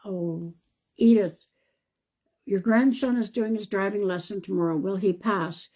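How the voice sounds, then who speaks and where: A woman, a psychic medium, doing a live-stream card reading in a calm, reassuring way and thinking aloud. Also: medium pitch, unhurried. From Canada.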